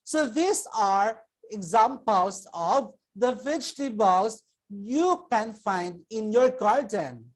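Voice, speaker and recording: A woman's voice: medium pitch, lively intonation. A woman teacher with a Filipino accent giving a children's vocabulary lesson, speaking patiently and repeating each word for pupils to say back. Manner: slow, patient, repeats words for pupils to echo.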